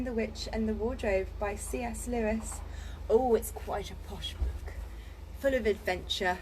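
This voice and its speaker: A woman's voice: medium pitch, rough recording. A chatty, playful woman who rambles cheerfully before settling into reading a children's book aloud. She records from a home studio, with faint noise underneath. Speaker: audiobook reader and voiceover artist. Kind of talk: casual chat, then reading aloud.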